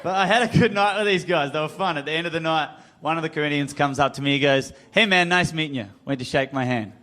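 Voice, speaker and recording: A man's voice: fairly high pitch, quick pace, fairly bright tone. An Australian man telling a self-mocking story in a stand-up set. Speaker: stand-up comedian. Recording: live club with crowd and noise.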